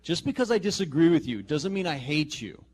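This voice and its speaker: A man's voice: on the high side, big pitch swings, brisk, slight background noise. A man co-hosting political talk radio, speaking in an argumentative, pointed way. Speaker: radio co-host. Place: radio studio.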